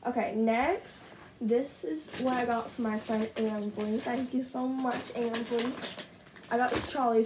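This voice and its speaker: A teenage girl chats into a camera set up at home, gushing about everything she shows with constant "like" and "so good". Her voice sits a little high and sounds slightly rough. A faint hiss runs underneath. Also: fairly even intonation, measured pace, darkish tone, low-quality recording. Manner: gushing, bubbly, heavy use of "like". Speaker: vlogger. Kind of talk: casual haul video chat. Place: at home, indoors. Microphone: camera set up in front of her.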